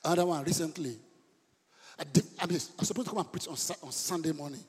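A man preaching a passionate sermon as a pastor in church, building from quiet storytelling up to shouts. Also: a little high, fast, breathy edge, big-room sound. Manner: impassioned preaching, rising to shouts.

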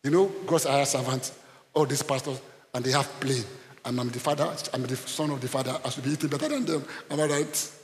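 A male pastor preaching a sermon in an animated way, bursting into shouts, repeating himself and calling out to the congregation. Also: mid-range voice, fairly quick, slight background noise. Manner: addresses the congregation with call-and-response. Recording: long reverb of a large hall.

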